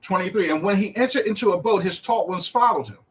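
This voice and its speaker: A man teaching through a Bible chapter verse by verse in a casual, animated way, acting out the speakers in the text. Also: fast talker. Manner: animated, acts out the disciples' and Yahshua's words in a higher voice; conversational, uses slang while reading verse by verse.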